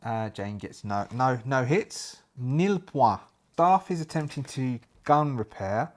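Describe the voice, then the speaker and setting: A man's voice: medium pitch, lively intonation, takes it slowly, darkish tone. Man musing through dice rolls. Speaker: solo game player narrating. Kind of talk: solo tabletop game narration.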